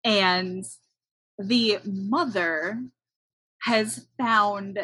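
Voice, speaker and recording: A woman's voice: mid-range voice, fairly even intonation, drawn-out words, bright, forceful tone, slightly rough, no echo, low-quality recording. Woman co-host recapping a movie, dry close sound, wry. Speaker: podcast co-host. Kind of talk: casual chat recapping a movie.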